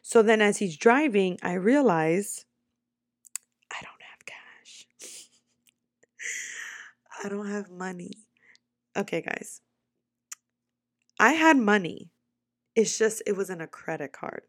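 A young adult woman telling a travel story to her viewers in a casual, animated way, swearing freely and filling her talk with "like.". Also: medium pitch, unhurried, long pauses. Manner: animated, profane, filler-heavy storytelling. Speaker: vlogger.

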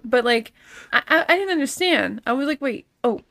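Brief: female podcast co-host, high bouncy voice, jokey, self-mocking. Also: expressive, brisk, vocal fry, pushed and bright, no room sound, clean studio sound. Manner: joking and self-deprecating. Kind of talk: casual chat.

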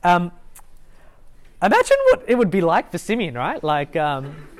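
At a student meeting in a lecture room, a young adult student ministry Bible teacher gives an informal expository talk in a mid-range voice. The unhurried, relaxed delivery retells the story with plenty of fillers, restarts and small chuckles.

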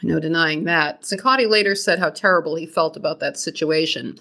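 Bright-voiced true crime host, blunt. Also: mid-range voice. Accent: Boston. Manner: brisk storytelling with blunt, profane asides. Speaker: podcast co-host. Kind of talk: true crime podcast narration.

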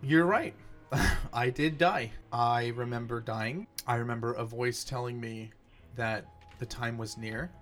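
A tired soldier who came back from death tells his story in a plain, middling voice, voiced by a man, pausing and hedging as he goes. Light music plays faintly behind him. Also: medium pitch, fairly bright tone, natural voice. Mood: reflective. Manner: reflective, halting storytelling. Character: male soldier back from the dead, weary.

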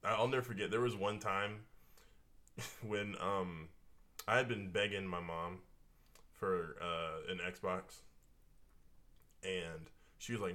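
A man's voice: low-pitched, fairly even intonation, takes it slowly, long pauses, pushed and bright. A man in casual chat, telling laid-back anecdotes with some swearing.

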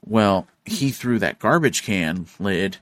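A man hosting a podcast, telling a story in casual chat, animated and profane, acting out the voices of the people in it. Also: on the low side, takes it slowly, no room sound. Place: studio.

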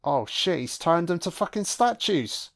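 A man giving an audio-only film commentary, reacting with profane, excitable remarks. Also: fairly high pitch, a little slow.

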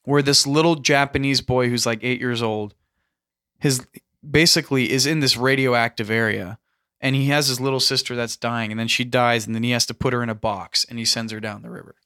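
A man in casual discussion, talking earnestly with many restarts and pauses. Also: mid-range voice, fairly even intonation, bright, forceful tone. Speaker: podcast host.

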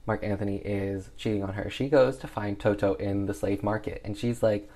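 A man's voice: lowish voice, fairly even intonation, moderate pace, warm tone. A young man casually recapping an old comedy film in a rambling way, full of "like" and "um" fillers. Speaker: film reviewer.

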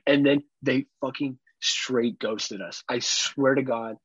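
A husky-voiced man co-hosts a podcast, spinning stories in a casual way and putting on the voices of the people in them. He laughs easily and swears freely. The sound is dry and a bit dull. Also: mid-range voice, takes it slowly, no echo. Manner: animated, acts out other people's lines, laughs often, swears casually. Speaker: podcast co-host. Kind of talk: casual storytelling chat.

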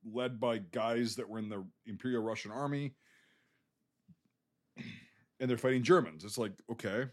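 A man from the United States co-hosting a podcast, talking bluntly and profanely in a rambling casual chat about a film. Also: medium pitch. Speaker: podcast co-host.

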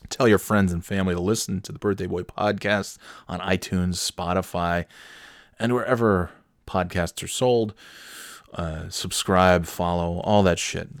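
A man's voice: low-pitched, fairly even intonation, unhurried, dry recording, clean studio sound. A man hosting a casual solo podcast, signing off in a rambling, sarcastic and crude way with mock-sincere pep talk. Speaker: podcast host. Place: at home on a Sunday night.

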